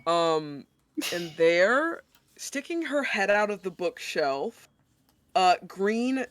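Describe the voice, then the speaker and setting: A woman's voice: medium pitch, very animated, takes it slowly, a little hiss or hum. A woman narrating as game master in a tabletop game, chatty and full of fillers.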